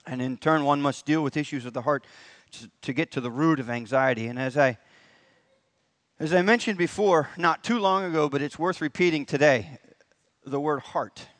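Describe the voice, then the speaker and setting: A man's voice: fairly high pitch, moderate pace, fairly bright tone, no echo. A man preaching a sermon in church, in a folksy manner with rising emphasis on key points. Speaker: pastor. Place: church sanctuary.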